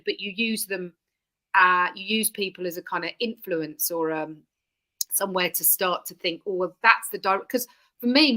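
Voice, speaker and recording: An Englishwoman who is a comic performer, chatting lively and animated as the guest of an interview over a video call. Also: mid-range voice. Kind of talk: casual interview chat.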